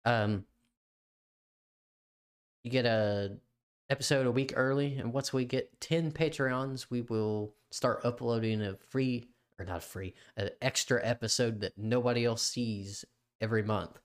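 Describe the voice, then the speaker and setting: A man's voice: mid-range voice, a little slow. A young man co-hosting a podcast, telling a story in a rambling, profane way and laughing often. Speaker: podcast co-host. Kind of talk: casual chat.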